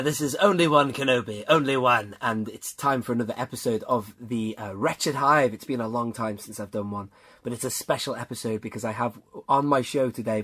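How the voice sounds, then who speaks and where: A man's voice: mid-range voice, a bit bright, slightly rough. A man hosting a podcast in casual chat, talking enthusiastically and often calling his guest "man". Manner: enthusiastic, peppers talk with "man". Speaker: podcast host.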